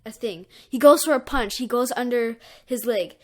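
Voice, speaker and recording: A woman's voice: on the high side, moderate pace. A woman improvising a fan story as a rambling retelling, full of fillers and restarts.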